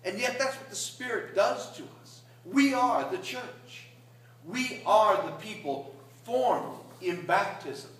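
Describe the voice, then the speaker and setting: A man's voice: sits high, expressive, measured pace, few pauses, fairly bright tone. A man, a priest, preaching a sermon in a conversational storytelling way that rises to emphatic peaks. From Catskill Mountains, New York. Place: large church. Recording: echoey church from far off.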